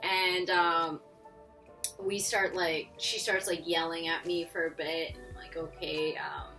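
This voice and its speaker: A woman's voice: on the low side, steady tone, unhurried, distant mic, music in the background. A woman vlogger telling a story in a casual, chatty way, laughing often and filling her talk with "like". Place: home near a busy road.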